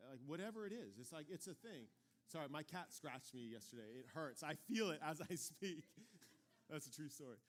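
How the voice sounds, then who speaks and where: Lively, slightly high-voiced man preaching. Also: normal speed. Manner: animated storytelling, acts out quoted voices. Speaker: pastor. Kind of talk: casual conversational sermon. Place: church sanctuary.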